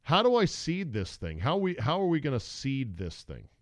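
Animated man telling a story on a podcast. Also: mid-range voice, normal speed, no room sound, studio quality. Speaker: podcast host. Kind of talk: casual chat.

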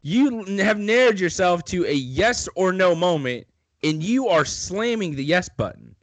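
A man's voice: high-pitched, lively intonation, measured pace, no room sound. A man co-hosting a casual sports podcast, joking and laughing often as he talks. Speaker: podcast co-host.

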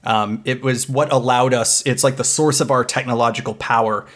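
Man, podcast co-host, loose jokey movie recap, even middle pitch. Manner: joking, retells plot in quick mock voices. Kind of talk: casual comedic movie recap chat.

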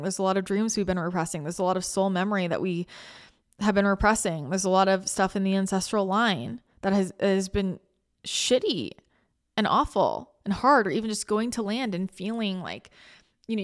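A woman hosting a spiritual podcast, talking in a chatty, rambling way with many restarts, emotional and close to tears. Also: mid-range voice. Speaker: spiritual channel and podcast host. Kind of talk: casual spiritual talk.

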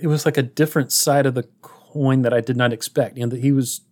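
A man's voice: medium pitch, fairly even intonation, quick pace, darkish tone. A man hosting a podcast in casual chat, retelling movie scenes in a rambling way and chuckling as he goes. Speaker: podcast host.

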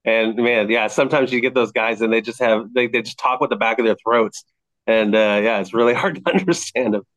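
A man's voice: mid-range voice, fairly quick, fairly bright tone, dry recording, low-quality recording. A man chatting casually on a podcast, speaking hesitantly with many restarts.

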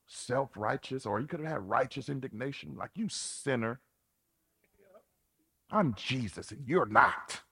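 Husky, animated preacher with a slow delivery. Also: male voice, a little high. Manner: animated, colloquial, playful preaching. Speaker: pastor. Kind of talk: sermon.

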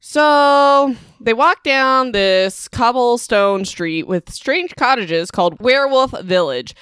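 A woman podcast host casually retelling a book's plot, chatty and full of fillers and asides. Her voice is smooth and clear. The sound is dry and close. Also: fairly high pitch, expressive, slow, fairly bright tone, no room sound. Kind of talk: casual book recap.

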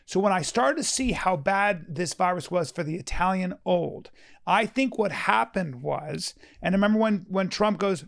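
A man with a high-pitched voice holds forth in a casual podcast chat. He is emphatic and profane, often stumbling over his sentence starts, and acts out other people's words as he talks. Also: moderate pace, creaky. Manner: emphatic, profane, frequent restarts, acts out quotes.

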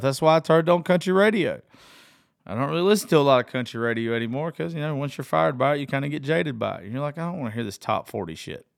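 A man's voice: on the high side, gravelly, clean tone, dry recording, studio quality. A middle-aged man, telling a personal story in a casual, rambling way, swearing freely and open about his feelings. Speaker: vlogger.

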